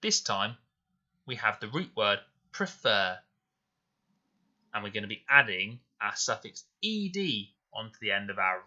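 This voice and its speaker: A man teaching a recorded spelling lesson to children, explaining slowly and clearly and repeating words with care. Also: on the low side, bright, forceful tone, lo-fi sound. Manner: slow, clear, deliberate explanations. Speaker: primary school teacher. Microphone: voice-over to slides.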